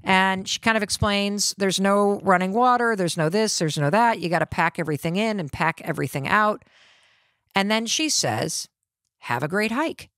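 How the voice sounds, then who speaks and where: A middle-aged woman hosting a podcast, telling a personal story with lively acted-out quotes of the people in it. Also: mid-range voice, moderate pace, no echo, clean studio sound. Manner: acts out quoted voices of family and ranger. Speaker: podcast host.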